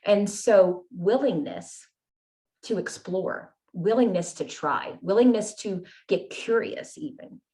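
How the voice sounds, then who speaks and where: A woman's voice: mid-range voice, animated, slow, mellow. A woman guest telling her personal story in an earnest, candid way, often checking in with "right?" and "you know?". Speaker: podcast guest.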